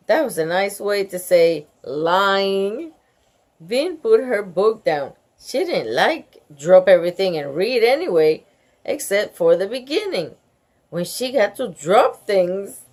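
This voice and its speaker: Woman reading a children's chapter book, slow and lively, animated asides. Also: mid-range voice. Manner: animated, gasping and laughing asides. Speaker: storybook reader.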